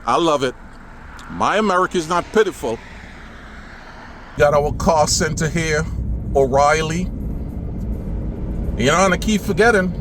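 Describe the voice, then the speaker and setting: Sarcastic man vlogging outdoors in wind. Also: a little high. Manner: sarcastic, rambling, says "man" a lot. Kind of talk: casual vlog monologue. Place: outdoors on windy streets, partly driving. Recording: outdoor wind and traffic noise. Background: wind and passing cars.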